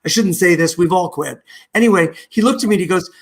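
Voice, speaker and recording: A man's voice: high voice, fast. A middle-aged man, a stage actor, telling stories with many restarts over a video call. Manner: lively, animated, rambling with many restarts. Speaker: guest, musical theatre actor. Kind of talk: anecdotal storytelling in a video-call interview.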